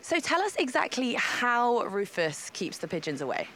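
Lively woman sports reporter. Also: fairly high pitch, moderate pace, slight background noise. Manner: friendly, presenter-like questioning. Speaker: sports reporter interviewing a guest. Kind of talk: upbeat broadcast interview.

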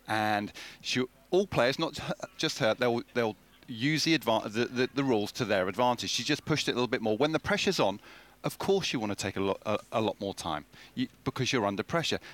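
A man's voice: fairly low pitch, fairly bright tone. A man who commentates on tennis, giving his opinion in a casual studio chat and stopping often to restart his sentences. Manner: thoughtful, halting with restarts.

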